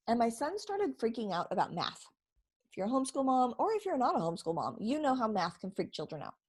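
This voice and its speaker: A woman's voice: a little high, darkish tone. A woman who is a homeschooling mother gives a chatty, casual teaching talk to camera, often checking in with her listeners. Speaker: essential oils presenter.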